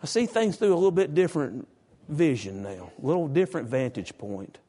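A man's voice: very animated, brisk, warm tone, husky. Folksy preacher man. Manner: folksy, emphatic, jumps into high pitch for emphasis. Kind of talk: sermon.

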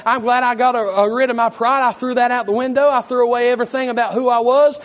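Hoarse, fervent high-voiced preacher man. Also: steady tone, fast. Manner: fervent, repeats "Lord" in prayer, builds to shouting. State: hoarse, losing his voice. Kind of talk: sermon.

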